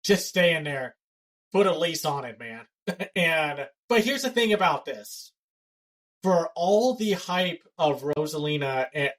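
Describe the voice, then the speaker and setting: A man's voice: on the high side, a bit bright, poor audio. A man co-hosting a casual pop culture podcast, blunt and given to ranting. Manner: blunt, ranting, fast-talking. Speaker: podcast co-host.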